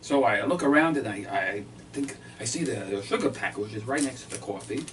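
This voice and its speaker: Deadpan halting male storyteller. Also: medium pitch. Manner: halting, deadpan delivery full of fillers. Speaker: magician. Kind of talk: comic storytelling performance. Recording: distant mic, faint background noise.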